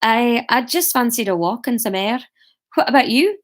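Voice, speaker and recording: A woman's voice: fairly high pitch, animated, normal speed. A woman voicing a flustered young Scottish man with a put-on Scottish accent, stammering a little.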